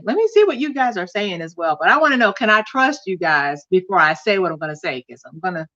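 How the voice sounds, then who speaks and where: A woman's voice: medium pitch, a bit bright, highs cut off. A woman hosting a casual livestream chat, talking in a confiding way to viewers and reading out their comments. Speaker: host.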